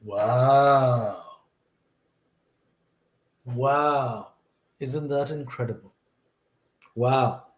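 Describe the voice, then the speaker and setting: A man reading scripture aloud and commenting on it in an earnest, animated way, talking straight to the listener. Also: medium pitch, very slow, long pauses, roomy sound. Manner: earnest, animated, talks to the listener directly, repeats himself.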